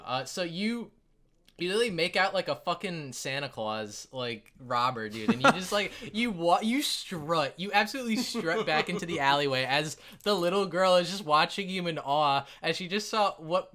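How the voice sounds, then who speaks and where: A man running a tabletop game, telling the scene in a rambling, laughing way. His voice is bright and forward, and it rises and falls a lot. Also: sits high, lively intonation, normal speed. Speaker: game master.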